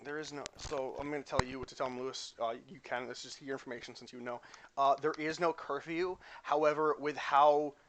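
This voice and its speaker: A man's voice: mid-range voice, steady tone, fairly quick, background noise. A young man running a tabletop game and narrating casually as game master.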